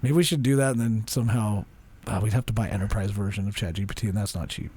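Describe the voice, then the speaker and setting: Animated young man telling stories. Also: fairly low pitch, fast talker, slight background noise. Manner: animated storyteller, acts out quotes in voices. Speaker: podcast co-host. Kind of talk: casual podcast chat.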